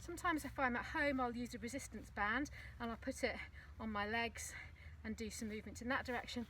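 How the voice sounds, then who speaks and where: A woman recording a casual fitness vlog outdoors on her phone, chatting practically while she demonstrates a running warm-up. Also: a little high, fairly quick, slight background noise, poor audio. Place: outdoors on a path. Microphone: phone propped on a ledge.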